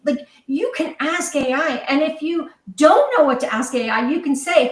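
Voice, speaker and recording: A woman hosting a panel discussion on sales, telling stories in an animated, conversational way. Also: sits high, normal speed, reverberant, far from the mic, rough recording. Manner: storytelling, animated, quoting others. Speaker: host.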